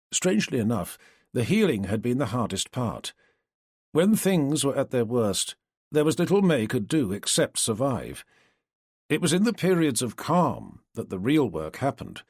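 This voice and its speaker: Husky male narrator with lively intonation. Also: mid-range voice, dry recording, clean studio sound. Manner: expressive, measured storytelling. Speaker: audiobook narrator. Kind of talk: scripted audiobook narration.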